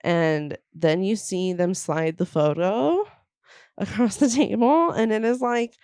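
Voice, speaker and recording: A young woman hosting a podcast, casually recapping a movie as an animated storyteller who swears freely and laughs a lot. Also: mid-range voice, slow pace, clean tone, no echo, studio quality. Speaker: podcast host.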